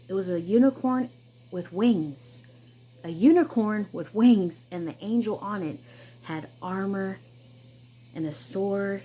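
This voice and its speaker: A woman's voice: on the low side, dark tone, a little hiss or hum, poor audio. A woman hosting her own channel, telling a personal story in an emphatic, insistent way, with many repeats and restarts. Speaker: vlogger, channel host.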